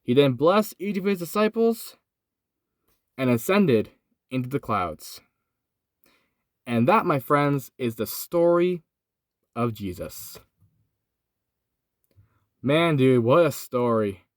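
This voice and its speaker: A man's voice: mid-range voice, lively intonation, takes it slowly, long pauses, dry recording, clean studio sound. A young man casually and earnestly retelling a Bible story, sweaty and teary, filming inside a hot parked car and saying "like" and "dude" a lot. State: sweaty and overheated, has been crying.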